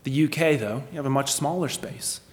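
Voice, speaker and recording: Guy preaching, goes from emphatic to almost hushed, lots of rhetorical questions, long echo like a church hall. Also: medium pitch, a little fast. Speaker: pastor. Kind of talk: sermon.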